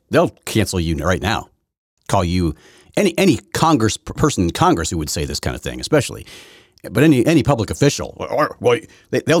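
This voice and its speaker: A man's voice: mid-range voice, a little mellow, breathy edge, no room sound, clean studio sound. A middle-aged man hosting an opinion podcast, talking in a sarcastic, mocking way with many repeats and restarts. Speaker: podcast host. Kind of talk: opinion commentary monologue.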